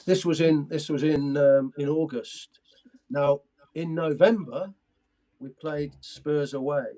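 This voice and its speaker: A man's voice: fairly high pitch, fairly even intonation, slow pace, dark tone. A man in his sixties telling stories as an interview guest, eager and tripping over his words with many restarts. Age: 60s. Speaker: guest, former footballer. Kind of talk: casual interview storytelling.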